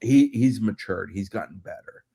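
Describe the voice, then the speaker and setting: A man's voice: on the low side, normal speed, gravelly, dark tone, breathy edge. A man on a sports podcast panel making wry, weary asides. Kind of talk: casual roundtable chat.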